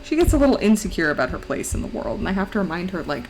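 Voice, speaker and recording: A woman's voice: fairly low pitch, big pitch swings, rapid-fire, a little mellow, soft background music, poor audio. A woman streamer chatting casually and giggling, often baby-talking to her dog. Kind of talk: casual chat.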